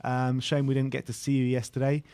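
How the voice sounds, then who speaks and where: A man's voice: mid-range voice, completely flat delivery, fairly quick, darkish tone, clear, resonant tone. A man hosting a fan football show, chatting casually and reading out viewer messages. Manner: chatty, reads out viewer messages, says "big up".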